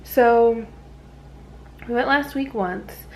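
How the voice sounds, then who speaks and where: A tired woman chatting casually to camera in a vlog, gushing and rambling with fillers and soft whispered asides. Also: on the high side, fairly even intonation, slow, a little hiss or hum. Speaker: vlogger.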